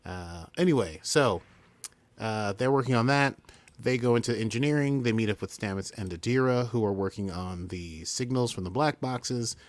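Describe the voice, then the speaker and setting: A man's voice: on the low side, moderate pace, dry recording. A man co-hosting a podcast, chatting casually as he recaps a story and mimics the characters. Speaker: podcast co-host.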